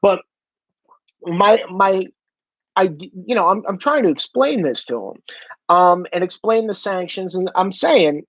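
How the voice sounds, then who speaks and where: A man's voice: high voice, expressive, a little slow, fairly bright tone, no room sound, muffled recording. A man vlogging in a casual, profane monologue, speaking bluntly and slipping into mocking impressions of other people.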